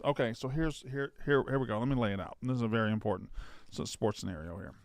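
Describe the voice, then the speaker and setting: A man's voice: mid-range voice, quick pace, dry recording. A man co-hosting a sports podcast, rambling and joking, swearing freely in casual chat. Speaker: podcast co-host.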